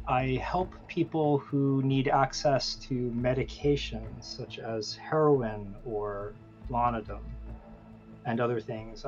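A man's voice: medium pitch, lo-fi sound, lightly acted. A man voicing a shady traveling pharmacist, formal and matter-of-fact.

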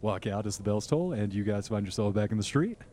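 A man's voice: fairly low pitch, expressive, quick pace, mellow, a little hiss or hum. A man narrating scenes as game master of a tabletop role-playing game.

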